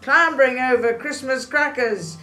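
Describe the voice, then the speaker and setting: Expressive woman reading a children's story. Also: sits high, normal speed, roomy sound, faint music behind. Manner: animated, expressive, gasps and asides. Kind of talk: reading a children's picture book aloud.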